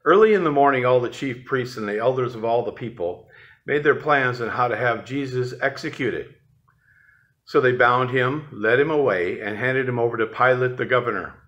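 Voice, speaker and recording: A man reading a scripture passage aloud in a measured, even way for a prerecorded church service. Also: medium pitch, dull audio. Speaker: scripture reader.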